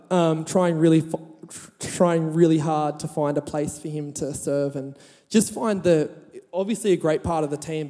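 A man's voice: on the high side, dark tone. A man preaching a sermon, chatty and laughing as he tells a story, then rising to emphatic points. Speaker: pastor. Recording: long hall reverb.

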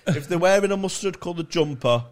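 A man's voice: high-pitched, lively intonation, fairly quick. A male stand-up comedian, swearing freely as he tells a story in casual podcast chat.

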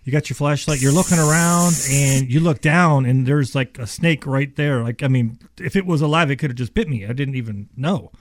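Fast-talking chatty middle-aged man. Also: mid-range voice, no echo. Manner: chatty, rambling anecdotes with quoted dialogue. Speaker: attic service contractor guest. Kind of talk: casual storytelling on radio.

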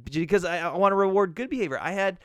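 Profane storytelling man, smooth voice. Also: high-pitched, quick pace, no room sound, studio quality. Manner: profane, animated storytelling with frequent restarts. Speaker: podcast co-host, bartender. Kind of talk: casual chat.

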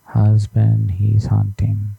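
A man's voice: lowish voice, completely flat delivery, slow, gravelly, dark tone, husky, no echo, dull audio, soft background music. A man hosting a live prank call show, rambling and teasing his co-host in a joking way. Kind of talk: casual live-stream banter.

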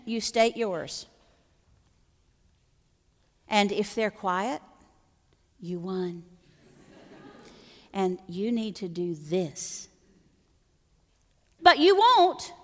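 A woman's voice: mid-range voice, a bit bright, long reverb tail. A woman teaching a live workshop in a folksy, teasing, joking way.

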